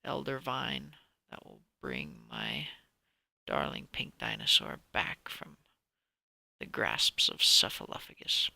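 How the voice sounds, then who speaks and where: A man's voice: very deep voice, huge pitch swings, slow pace, creaky, sharp tone, no echo, voice pushed down, exaggerated voice. A man voicing a shy little boy dinosaur. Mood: pleading. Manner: earnest, pleading. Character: shy, brave young male blue dinosaur.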